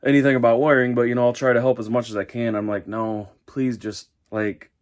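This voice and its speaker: A man's voice: medium pitch, fairly even intonation, quick pace. A young man vlogging in a rambling, exasperated casual chat, full of fillers.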